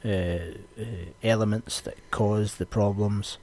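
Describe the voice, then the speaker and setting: A man's voice: fairly low pitch, slow pace. A young Scottish man, a podcast host, chatting casually and ranting with plenty of swearing. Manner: sweary, ranting, animated storytelling.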